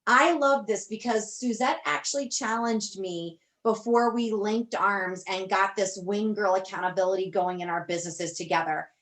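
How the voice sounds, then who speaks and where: Speaking at a moderate pace with few pauses, this woman coach has a mid-range, steady, fairly bright voice. On a motivational team call she gushes effusively and keeps repeating herself in a chatty way.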